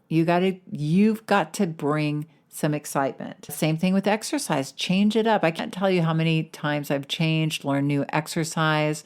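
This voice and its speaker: A middle-aged woman with a low voice who hosts a weight loss coaching podcast. She talks in a chatty, encouraging monologue and leans into key words with animated emphasis.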